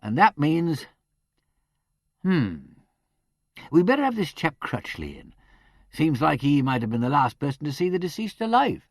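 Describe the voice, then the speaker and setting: A man's voice: fairly high pitch, big pitch swings, a little slow, pauses often, no room sound, studio quality, heavily acted. A man reading an audiobook, voicing a middle-aged country police superintendent with a broad rural dialect who likes quoting poetry. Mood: explaining. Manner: broad rural dialect, ponderous and fond of quotations.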